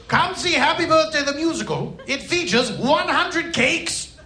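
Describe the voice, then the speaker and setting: A man's voice: very high-pitched, expressive, measured pace, reverberant, noisy background. A male comedian performing an absurd comic monologue live on stage, slipping into silly character voices. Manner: playful, absurd storytelling with silly put-on voices. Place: live stage in front of an audience.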